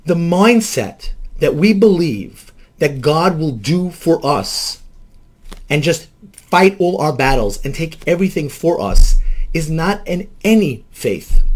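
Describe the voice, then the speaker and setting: A man's voice: fairly high pitch, darkish tone. Emphatic man giving spoken commentary. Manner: emphatic, rhetorical, repeats key phrases. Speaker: counselor.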